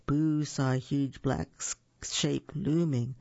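A storyteller reading children's picture books aloud in a lively, sing-song way with small slips, on a dull, dry lo-fi recording. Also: mid-range voice, slow, gravelly, few pauses, no room sound.

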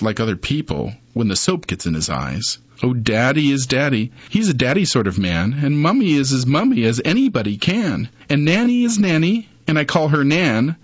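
Husky expressive storytelling man. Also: mid-range voice, no room sound. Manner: expressive, sing-song. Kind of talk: reading children's stories and poems aloud. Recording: dull muffled recording.

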